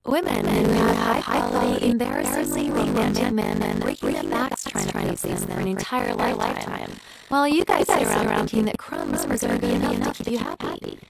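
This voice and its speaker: Brusque female dating coach, bossy scolding tone, gravelly edge, swooping pitch, put on by a woman narrator. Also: huge pitch swings, fairly quick, loud music behind the voice, exaggerated voice, rough recording.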